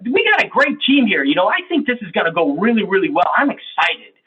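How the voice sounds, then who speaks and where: A gushing, overexcited coworker, put on by a man in a breathless high voice that swoops all over. The tone is bright, with a slightly husky edge. The sound is dull and lo-fi. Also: very animated, moderate pace, heavily acted. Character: overexcited people-loving coworker who frets when someone is missing.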